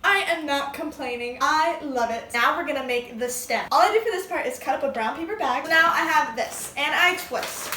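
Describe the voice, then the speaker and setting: A woman's voice: sits high, expressive, normal speed, few pauses, sharp tone, slight background noise. A young woman chatting casually in a crafting vlog, gushing and enthusiastic as she talks. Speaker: vlogger. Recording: echoey room, mic at a distance.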